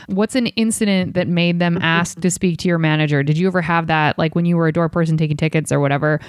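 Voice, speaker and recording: A podcast host asking quick, joking questions in a casual interview. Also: medium pitch, fairly even intonation, smooth, dry recording, clean studio sound.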